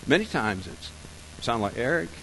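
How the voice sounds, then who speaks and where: A man preaching a sermon, telling a story softly and slowly, then building to loud, emphatic points. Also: mid-range voice, sing-song, vocal fry, slight background noise, rough recording. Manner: storytelling, soft and slow in scenes, rising loud and emphatic for points. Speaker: pastor.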